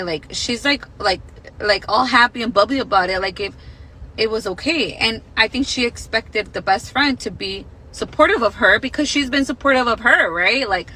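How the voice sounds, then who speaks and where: A woman's voice: a little high, normal speed, pushed and bright, low-quality recording. A woman on a podcast telling a long story in casual chat, full of "like", acting out what people said. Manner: rambling, heavy use of "like", acts out quoted dialogue. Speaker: podcast co-host.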